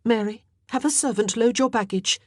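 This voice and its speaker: A woman voicing a regal young queen who speaks in a brisk, commanding but kind way in an audiobook. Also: fairly high pitch, no echo, clean studio sound, voice pushed up, lightly acted.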